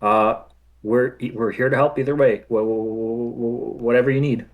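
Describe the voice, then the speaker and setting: A man's voice: medium pitch, steady tone, normal speed, lightly acted. A man voicing a nervous young male adventurer who stutters.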